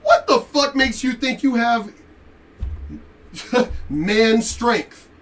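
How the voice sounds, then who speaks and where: A man telling a story in a profane, animated rant while commenting on a reaction video. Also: very high-pitched, very slow, distant mic. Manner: animated, profane, laughing asides.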